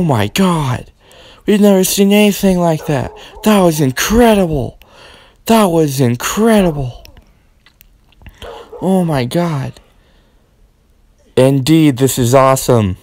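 Excitable young man calling a wrestling match. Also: on the high side, no room sound. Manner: excitable, repeats exclamations, swings between hushed and shouting. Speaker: wrestling commentator. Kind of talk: excited play-by-play commentary.

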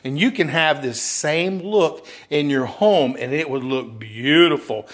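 A man's voice: on the high side, measured pace. A man teaching furniture sales in a conversational way, repeating phrases and acting out the exchanges between salesperson and customer. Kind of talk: instructional talk with acted sales dialogue.

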